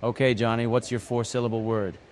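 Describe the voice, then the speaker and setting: A man's voice: medium pitch, level tone, a little fast, darkish tone, slight background noise, close to an everyday voice. A man voicing an upbeat female schoolteacher quizzing her class in a told joke. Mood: encouraging. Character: cheery female schoolteacher, trying to keep her cool.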